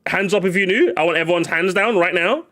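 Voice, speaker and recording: A male streamer reacting live to game replays, chatty and excitable, rambling with many restarts. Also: high-pitched, fast.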